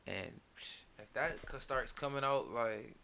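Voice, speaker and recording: Gravelly man in casual chat. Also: medium pitch, pushed and bright, slight background noise. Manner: laid-back, quick agreeing interjections. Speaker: podcast co-host.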